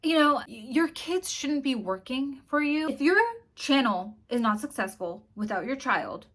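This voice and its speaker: A woman's voice: high-pitched, lively intonation, a little slow, fairly bright tone. A woman hosting her own channel, talking casually and bluntly to camera with open disgust. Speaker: commentary vlogger host.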